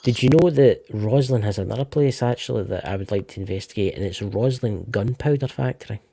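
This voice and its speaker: A man's voice: lowish voice, fairly quick, creaky, dark tone, husky, no echo. A Scottish man co-hosting a casual live stream about ghost lore, chatty and often restarting his words. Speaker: co-host. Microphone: remote live-stream call.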